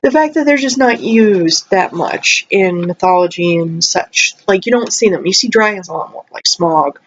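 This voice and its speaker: A young woman vlogger rambling casually, her voice jumping high when excited, her throat a little dry. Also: moderate pace, slight background noise. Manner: chatty, rambling, animated with sudden high jumps. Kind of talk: casual chat. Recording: slightly dull lo-fi audio.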